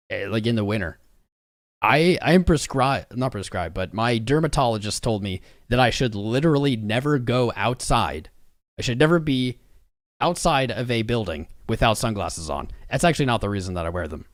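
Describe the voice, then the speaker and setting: A man's voice: fairly low pitch, no room sound, clean studio sound. A man hosting a live stream, chatting casually with viewers in a rambling, frank, joking way. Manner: rambling, talks to chat viewers.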